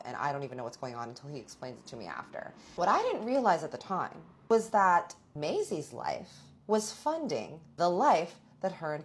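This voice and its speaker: A woman chatting through a personal story in a casual storytime vlog, acting out what people said. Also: deep voice. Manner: chatty, animated retelling with quoted voices.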